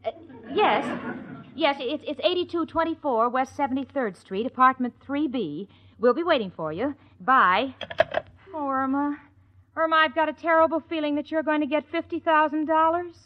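A woman's voice: sits high, normal speed, close to an everyday voice. An actress playing a patient, level-headed young woman in a 1940s radio sitcom. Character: sensible young woman roommate. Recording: dull old radio recording.

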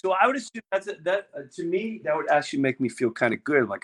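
A man's voice: fairly high pitch, sing-song, husky. Wisecracking podcast co-host man. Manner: wisecracking, asks questions and jokes in quick asides. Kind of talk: casual chat.

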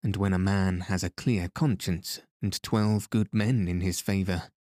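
A man's voice: low voice, steady tone, measured pace, darkish tone, no room sound, studio quality. A man voicing a frightened, stammering young suspect who pleads his innocence, in a storybook reading. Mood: defensive. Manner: nervous, pleading.

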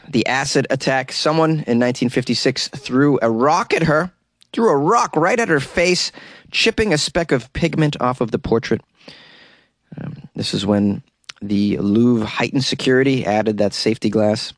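A male comedian hosting a comedic news podcast, delivering the stories with wry, deadpan asides. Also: medium pitch, normal speed, no room sound. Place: inside a closet.

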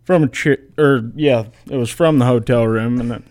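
A young man in his twenties speaks at an unhurried, drawn-out pace, relaxed and plainspoken. He is a college kicker chatting casually as a podcast guest, leaning on fillers as he thinks aloud. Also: medium pitch. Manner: laid-back, plainspoken, many fillers.

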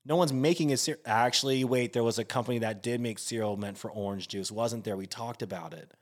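A man co-hosting a podcast in casual chat, swearing freely and breaking into animated outbursts. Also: mid-range voice, a little fast. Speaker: podcast co-host.

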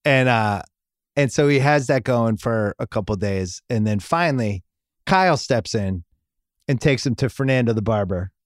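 A man's voice: mid-range voice, expressive, normal speed, dry recording. Man, middle-aged, podcast host, rambling story, laughs at own jokes, dry close sound. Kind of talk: casual storytelling chat.

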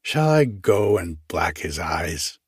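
A man voicing a blustering, red-faced older clerk who talks loud and combative. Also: deep voice, very animated, slow pace, breathy edge, dry recording, clean studio sound, voice pushed down, exaggerated voice. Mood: boastful.

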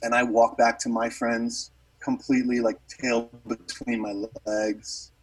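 A man's voice: medium pitch, flat delivery, measured pace, breathy edge, distant mic, low-quality recording. A man, a musician, telling a rambling story in casual chat with lots of fillers and restarts.

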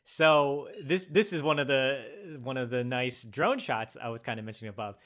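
A man co-hosting a casual podcast, calmly explaining how a movie was shot and why its story fails. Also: medium pitch, moderate pace. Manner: explanatory, analytical about filmmaking. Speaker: podcast co-host. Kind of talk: casual movie review chat.

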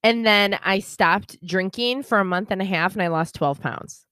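A woman's voice: medium pitch, moderate pace, bright, forceful tone, smooth, no room sound, clean studio sound. A woman co-hosting a podcast in casual chat, rambling and laughing often, with casual swearing. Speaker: podcast co-host.

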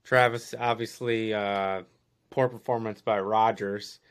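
A man co-hosting a casual sports chat, relaxed, asking questions and making dry remarks. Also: on the low side, unhurried, clear, resonant tone. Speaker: podcast co-host.

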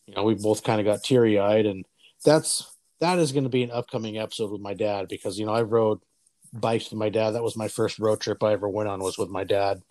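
Swearing, lively man in his forties. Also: fairly low pitch, a little fast, dry recording. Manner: profane, animated, acts out quoted voices. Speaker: podcast host. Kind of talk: casual storytelling chat.

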